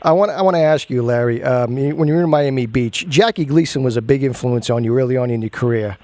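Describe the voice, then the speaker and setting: Male interview host, average pitch, eager and reactive, dry recording. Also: fast talker, a little mellow, dry recording. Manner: eager listener, frequent laughs and wow reactions.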